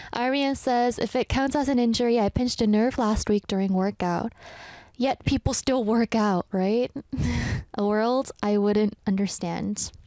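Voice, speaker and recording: A woman's voice: on the high side, no room sound. A young adult woman hosting a radio show, chatting casually and teasing as she reads listener messages. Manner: playful teasing, animated, quick asides. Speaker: radio host.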